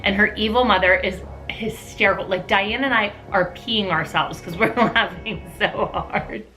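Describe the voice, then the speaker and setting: A middle-aged woman and mother, telling a family story in a casual, animated vlog style. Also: mid-range voice, moderate pace, soft background music. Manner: lively, animated, laughing storyteller.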